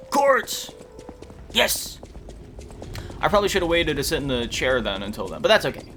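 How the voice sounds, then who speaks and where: A man's voice: medium pitch, big pitch swings, rapid-fire, fairly bright tone, a little hiss or hum. A tired man chatting casually and laughing as he plays through a video game. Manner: chatty, self-deprecating, laughs often. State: tired, yawning. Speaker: gaming YouTuber. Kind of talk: casual let's-play commentary. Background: game music.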